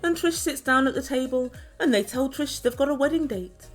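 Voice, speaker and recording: High-voiced sarcastic woman reviewer. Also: animated, fairly quick, soft background music. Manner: sarcastic, opinionated, addresses viewers directly. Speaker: reality TV reviewer. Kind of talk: chatty commentary recap.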